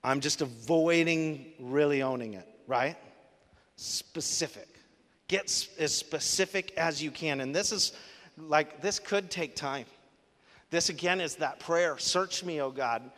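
A man preaching a sermon to a congregation, animated and emphatic, asking rhetorical questions. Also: fairly high pitch, measured pace. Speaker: pastor. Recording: long reverb of a large hall.

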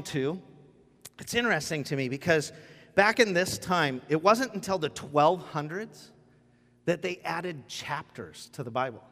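A man preaching a casual, joking sermon as pastor, telling the story with lively asides. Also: high voice. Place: church sanctuary. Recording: church hall with long reverb.

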